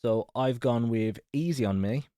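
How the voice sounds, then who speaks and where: A chatty man at a middle pitch hedges as he talks through tracks, piling on fillers and qualifiers. His voice sits dry and close on the podcast mic. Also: unhurried, dark tone, clean tone, no echo. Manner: chatty, hedging with many likes and maybes. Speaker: podcast co-host. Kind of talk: casual album review chat.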